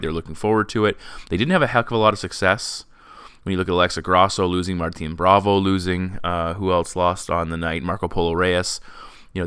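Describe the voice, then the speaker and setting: A man hosting a fight predictions show, talking fast and giving strong opinions, with sarcasm at times. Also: low voice, pushed and bright, clean tone, dry recording, clean studio sound. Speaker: podcast host. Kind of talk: MMA predictions commentary. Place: classroom.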